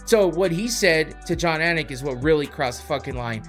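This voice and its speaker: A man's voice: a little high, animated, moderate pace, fairly bright tone, faint music behind. A man hosting a podcast, ranting in a heated, profane way. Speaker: podcast host. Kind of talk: casual podcast rant.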